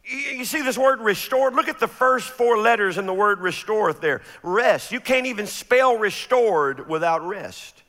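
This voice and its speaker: High, bright-voiced man preaching in a hall. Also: animated. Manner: preaching with repeated stammered restarts and drawn-out scripture readings. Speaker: pastor. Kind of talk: sermon.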